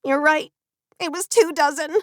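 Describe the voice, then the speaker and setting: A woman reading an audiobook and voicing an excitable, melodramatic young mother, her best friend, with a higher, gushing delivery. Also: normal speed, no room sound, clean studio sound, close to an everyday voice. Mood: anxious.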